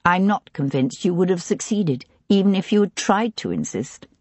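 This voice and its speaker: An audiobook narrator voicing a calm, sympathetic noblewoman who speaks gently. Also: medium pitch, moderate pace, husky, no echo. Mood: gentle. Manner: gentle, composed. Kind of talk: audiobook character reading.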